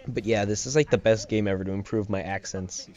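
Game music plays under a slightly dull home mic as a young man gives rambling, jokey let's-play commentary, laughing a lot. He speaks fairly quickly in a lowish voice with a darkish tone.

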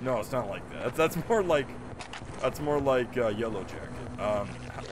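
A man streaming a video game live, chatting casually, excitable and quick to laugh and break into goofy voice impressions. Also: medium pitch, noisy background.

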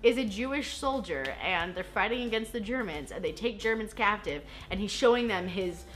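A woman's voice: mid-range voice, animated, normal speed, fairly bright tone. A young woman casually recapping a film she just watched, chatty and self-deprecating, often giggling and acting out lines. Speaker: film reaction host. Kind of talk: casual movie recap chat.

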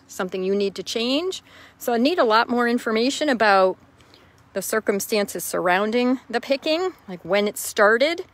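A woman's voice: medium pitch, a bit bright. Chatty woman hosting an outdoor live stream. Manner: chatty, reads out viewer names and answers questions. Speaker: host. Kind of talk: casual live-stream chat. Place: outdoors in a chicken yard.

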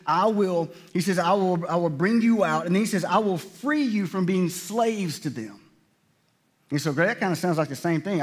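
A man pastor giving a conversational sermon, often restarting his sentences and acting out what God and people say. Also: high voice. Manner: conversational preaching with many restarts and voiced quotes.

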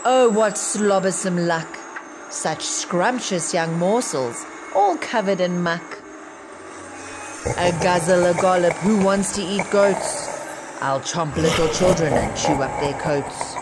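A woman voicing a hungry, greedy male troll in a storybook read-aloud, speaking loudly and relishing his food. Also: fairly low pitch, slow pace, noisy background. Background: music.

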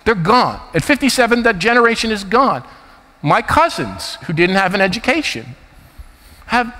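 A man in his fifties with a New Jersey accent delivers a conference keynote in an animated, anecdotal way. His voice sits high and swings widely in pitch. The sound carries a long reverb from a large hall. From United States. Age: 50s. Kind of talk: keynote talk.

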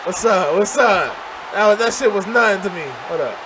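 A man commenting on his own wrestling game as he plays, loud and profane, trash-talking and often shouting. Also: sits high, lively intonation, normal speed. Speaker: gaming channel host. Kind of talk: live reactive gameplay commentary. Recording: crowd and game noise behind.

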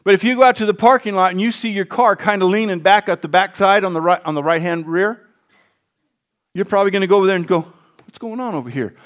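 Male pastor, higher-pitched voice, folksy sermon delivery with call-outs to the congregation. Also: fairly even intonation, fast, fairly bright tone. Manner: folksy, asks the congregation for responses.

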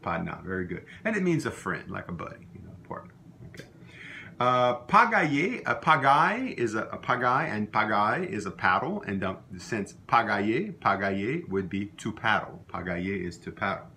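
A middle-aged man gives a recorded language lesson, saying each word more than once so learners can copy it. His voice sits fairly low but has a bright, forceful edge. A faint hiss of noise runs under the recording. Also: very animated. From Louisiana. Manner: repeats words slowly for learners to copy. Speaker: language teacher.

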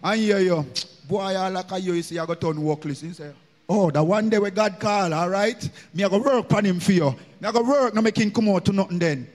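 A man's voice: high voice, brisk, long reverb tail. A man with a Jamaican accent preaching a sermon in a church, slipping into patois and chanting his lines in a sung cadence. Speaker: minister.

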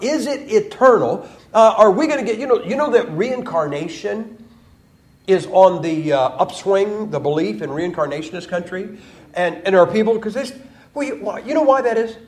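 A man's voice: sits high, a little mellow. A man preaching in a church, joking and emphatic, with mocking quoted voices. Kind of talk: sermon.

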